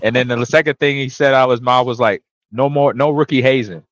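A man's voice: medium pitch, fairly quick, dry recording, muffled recording. A former running back hosting his own show, telling stories casually and acting out what people said, laughing often. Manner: relaxed, laughs often, acts out quotes. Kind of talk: casual storytelling.

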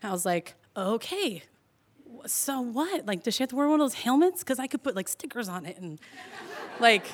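Young woman, a touch high-voiced, animated live storyteller who laughs through her tale. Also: moderate pace, slight background noise. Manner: chatty and animated, heavy on "like", laughs through the telling.

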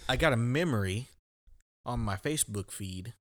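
A man's voice: medium pitch, lively intonation, moderate pace. A man co-hosting a podcast in casual chat, joking loosely and laughing often. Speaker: podcast co-host.

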